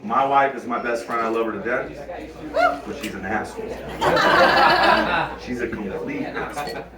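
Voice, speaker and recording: A middle-aged man doing a stand-up comedy set, crude and brash, talking conversationally with sudden yelled bits. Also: mid-range voice, normal speed. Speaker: stand-up comic. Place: comedy club stage. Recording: echoey club from a distant mic with crowd.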